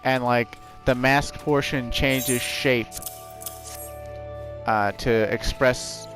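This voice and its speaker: A man's voice: medium pitch, fairly even intonation, very slow, fairly bright tone. A man giving casual, rambling commentary while playing a video game, telling a story with many fillers and restarts. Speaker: let's play host. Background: game music.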